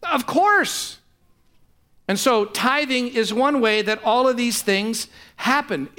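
Male pastor, sermon delivery, bright voice, somewhat high, emphatic and repetitive. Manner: emphatic, repetitive rhetorical preaching.

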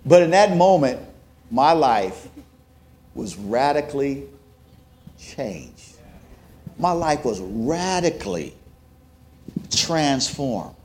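A man giving a sermon testimony, telling a story with acted-out quotes that rise to loud, emotional peaks. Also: medium pitch, very animated, slow pace, long pauses. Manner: self-described introvert, plain conversational delivery. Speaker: preacher.

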